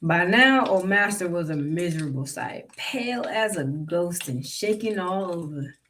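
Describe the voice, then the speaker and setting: A storyteller reading a folktale aloud in a relaxed, folksy and wry way, then adding a casual sign-off as host of their own show. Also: mid-range voice, measured pace, distant mic, slight background noise. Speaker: narrator and podcast host.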